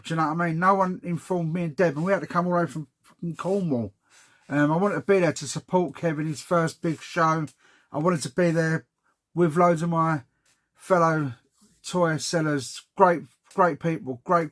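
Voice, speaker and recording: A middle-aged man who sells toys, rambling through an animated casual vlog story, swearing and addressing viewers as guys. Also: fairly high pitch. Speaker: toy seller and vlogger.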